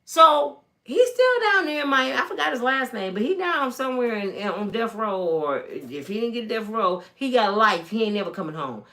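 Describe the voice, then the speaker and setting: Animated storytelling woman in her fifties. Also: on the high side, moderate pace, hardly any pauses. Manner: animated, acts out voices of people in her stories. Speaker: vlogger telling stories. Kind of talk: casual storytelling live stream.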